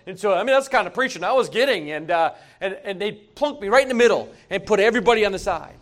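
Male pastor, high voice, animated folksy storyteller from the pulpit. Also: fast, hardly any pauses. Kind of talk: sermon.

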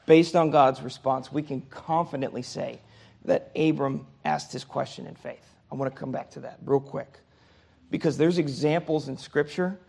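Male Bible teacher, gravelly voice, keeps checking in with the class. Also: a little high, darkish tone. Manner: conversational, often checks in with "okay?" and "right?". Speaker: Sunday school teacher.

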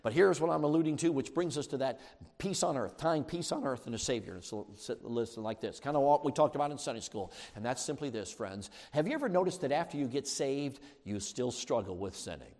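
A man preaching a sermon as pastor, shifting from quiet asides to shouted peaks. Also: mid-range voice, animated, fairly quick. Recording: long hall reverb.

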